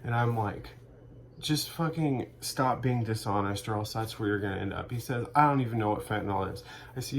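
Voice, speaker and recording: A man in a rambling, deadpan comedic monologue, sarcastic and profane, acting out both sides of made-up conversations. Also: mid-range voice, normal speed, a little hiss or hum. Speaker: vlogger.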